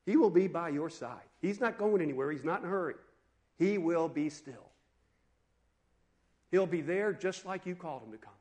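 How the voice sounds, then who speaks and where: A man preaching a sermon in an animated, conversational way, asking his listeners questions. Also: on the high side, moderate pace, pauses often. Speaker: pastor.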